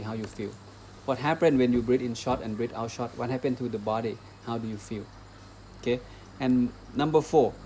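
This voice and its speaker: A male Buddhist monk teaches meditation in a mellow, darkish voice at an ordinary pitch. He goes through each step patiently, repeats himself, and keeps turning to his listeners with small questions. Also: slight background noise. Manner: patient, repetitive, asks the listener rhetorical questions and checks in with "okay?".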